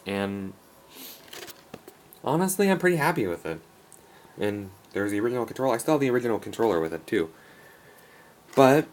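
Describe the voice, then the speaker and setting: A young man casually touring his bedroom gaming setup for a vlog, rambling with frequent restarts and self-corrections, filming with a handheld camera. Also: fairly low pitch. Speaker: gaming YouTuber. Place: bedroom game room, indoors. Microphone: handheld camera, no tripod.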